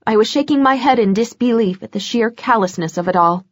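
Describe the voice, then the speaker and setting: A woman narrates a first-person audiobook with a tough, sarcastic bite. Her voice sits a little high and husky. The recording is dry and close. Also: fairly quick, hardly any pauses, no room sound.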